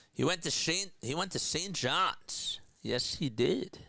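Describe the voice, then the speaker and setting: A man's voice: on the high side, vocal fry, sharp tone, no echo, poor audio. A young man giving casual radio-style basketball play-by-play, chatting with his viewers between plays. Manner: casual, chatty, reads viewer comments aloud. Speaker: play-by-play announcer.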